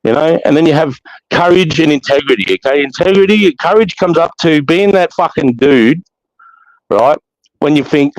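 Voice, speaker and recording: An Australian live chat host speaks in a slightly high voice with lively intonation at a moderate pace. He's blunt, swears a lot and preaches emphatically in this casual spoken monologue. The sound is dull, dry and lo-fi.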